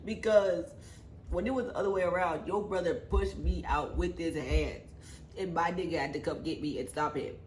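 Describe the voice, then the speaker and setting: Woman vlogger, animated storyteller, swears freely, echoey room. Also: lowish voice, moderate pace. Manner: animated, profane, acts out the quarrel. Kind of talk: casual storytime vlog. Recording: echoey room with faint background noise.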